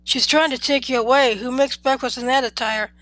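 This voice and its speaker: A woman's voice: high-pitched, steady tone, a little fast, a bit bright. A woman voicing a jealous, furious young wife in a read-aloud story. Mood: angry.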